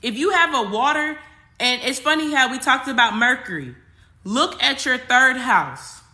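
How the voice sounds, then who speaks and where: Woman host, casual livestream, bright forceful tone, repeats herself for emphasis. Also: high-pitched, expressive, moderate pace. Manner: emphatic, repetitive, talks straight at the audience; casual slang and swearing. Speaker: spiritual coach and astrology livestream host. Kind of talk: casual livestream talk to viewers.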